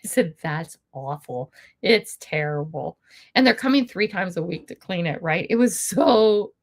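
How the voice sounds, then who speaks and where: A woman's voice: medium pitch, animated, moderate pace, a little mellow. An older woman hosting a casual livestream, telling stories with frequent laughter and blunt, indignant remarks. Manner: chatty, laughs often while telling stories. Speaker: livestream host.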